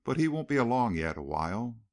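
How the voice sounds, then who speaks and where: A man's voice: medium pitch, very animated, fairly quick, lightly acted. A man voicing a burly, coarse cowboy ruffian who talks in a genial, leering drawl.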